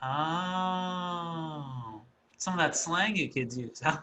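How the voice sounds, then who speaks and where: A man's voice: fairly high pitch, drawn-out words, bright, forceful tone. A man hosting a podcast, chatting casually, teasing and laughing a lot. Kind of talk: casual chat.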